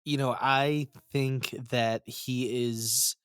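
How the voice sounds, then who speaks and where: A man's voice: mid-range voice, fairly even intonation, drawn-out words, a bit bright, clear, resonant tone, no echo, clean studio sound. A man co-hosting a casual podcast chat, enthusiastic and emotional, often stumbling over his words. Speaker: podcast co-host.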